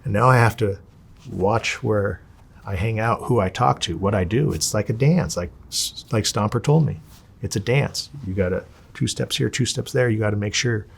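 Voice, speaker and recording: A man's voice: fairly low pitch, vocal fry, breathy edge. A man, telling candid, profane stories and acting out the people he quotes. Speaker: interviewee. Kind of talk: candid storytelling.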